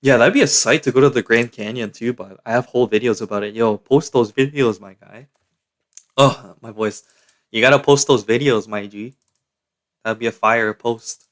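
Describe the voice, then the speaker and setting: A man's voice: mid-range voice, brisk, a bit bright. A young man from Canada, chatting casually and slangily to his live-stream chat.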